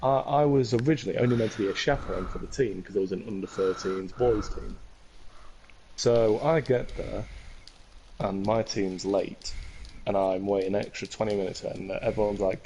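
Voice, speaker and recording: A man's voice: on the low side, steady tone, normal speed, dark tone. Young male podcast co-host, chatty rambling storyteller, noisy recording. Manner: rambling, restarts and self-corrections. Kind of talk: casual storytelling. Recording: noticeable background noise.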